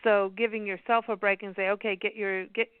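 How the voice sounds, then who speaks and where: A woman co-hosting a radio talk show, chatting in an animated, jokey way with quick asides. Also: mid-range voice, clean tone, no echo. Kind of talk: casual radio chat. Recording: dry phone-line sound.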